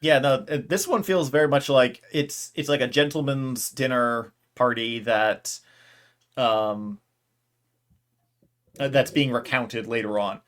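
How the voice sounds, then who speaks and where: Wry, relaxed podcast co-host man. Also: mid-range voice, a little slow. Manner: relaxed, wry, organizes the discussion. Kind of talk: casual book club chat.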